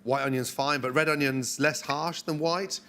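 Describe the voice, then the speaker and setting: A man demonstrating a recipe step by step in a relaxed, encouraging way, as on a cooking show. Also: on the high side, moderate pace. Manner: relaxed, encouraging, talks through each step.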